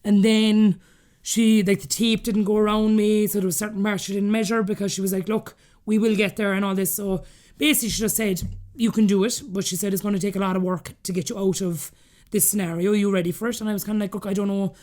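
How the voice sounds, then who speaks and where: A woman in her thirties with an Irish accent, a podcast guest telling her story candidly and acting out the dialogue she quotes. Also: medium pitch. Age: 30s. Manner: rapid, animated, acts out quoted dialogue.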